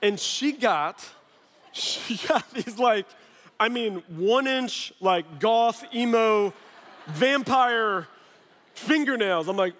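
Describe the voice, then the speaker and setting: A man in his thirties, a pastor preaching a sermon through an animated personal story full of quick asides. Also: high voice. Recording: long hall reverb.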